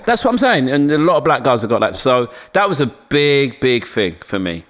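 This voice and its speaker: A middle-aged man with a London accent, a podcast guest telling animated stories and laughing as he goes. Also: mid-range voice, moderate pace. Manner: animated, laughing, swings into voices. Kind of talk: casual storytelling chat.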